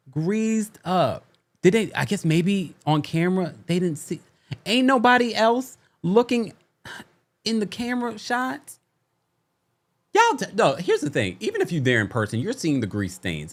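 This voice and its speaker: Animated exasperated male recap host. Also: on the high side. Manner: animated, exasperated, laughing asides. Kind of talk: casual commentary.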